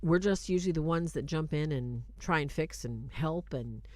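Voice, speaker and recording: A woman hosting a show, retelling a film in casual, animated commentary with fillers and restarts, turning earnest when she draws lessons. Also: sits low, normal speed, no echo. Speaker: host reviewing a film.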